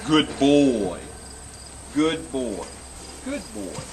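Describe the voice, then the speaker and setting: A man working as a horse trainer, explaining each step calmly and soothing the animal with repeated praise as he works in an outdoor pen. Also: medium pitch, very slow, far from the mic. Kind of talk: instructional commentary while working. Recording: outdoors with loud insect noise.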